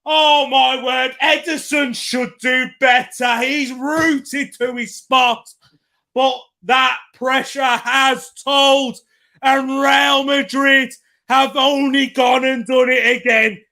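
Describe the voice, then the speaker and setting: Hoarse man hosting a live match watchalong, very high voice, drawn-out excitable calls. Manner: excitable, shouting reactions to play. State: hoarse, losing his voice. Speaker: football watchalong host.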